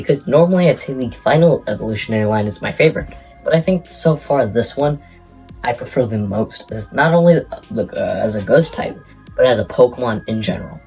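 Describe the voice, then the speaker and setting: A man's voice: mid-range voice, darkish tone, low-quality recording. A man giving rambling, crude casual commentary, out of breath, with jokingly insulting asides. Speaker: YouTuber ranking Pokémon.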